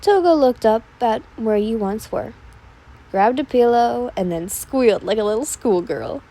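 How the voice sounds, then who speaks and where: A woman narrating a listener role-play story in a soft, unhurried manner. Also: fairly high pitch, animated, poor audio.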